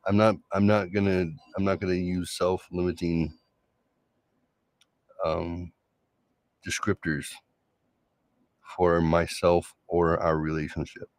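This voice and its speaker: A man's voice: low voice, flat delivery, slow pace, long pauses, no echo. A man hosting a solo show, telling a rambling personal story in a sarcastic, casual way with frequent restarts. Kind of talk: casual monologue.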